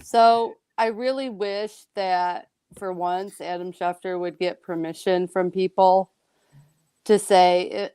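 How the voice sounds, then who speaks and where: A woman's voice: lowish voice, fairly even intonation, slow, mellow, clean tone, no echo, studio quality. Emotional, earnest woman football fan. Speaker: guest commentator. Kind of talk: casual sports podcast chat.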